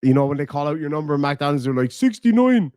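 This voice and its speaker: A man's voice: fairly high pitch, little pitch movement, very fast, darkish tone, clear, resonant tone, no room sound, clean studio sound. A man with an Irish accent chatting casually on a live stream, crude and joking. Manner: crude, joking, insults freely.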